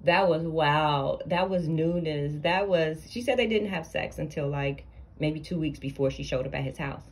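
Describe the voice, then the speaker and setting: A woman with a lowish voice and tells a story to camera. She is blunt and sassy, and she lectures the people in the story as if they were in front of her. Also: moderate pace. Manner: animated, blunt, sassy, addresses people directly. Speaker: storytime vlogger. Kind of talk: casual storytime commentary.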